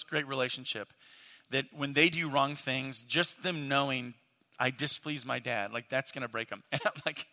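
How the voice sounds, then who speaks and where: With long hall reverb around a fairly high, sharp voice, a father likely in his thirties delivers a conversational, sermon-like talk on parenting. He's earnest and casual, speaking straight to his audience.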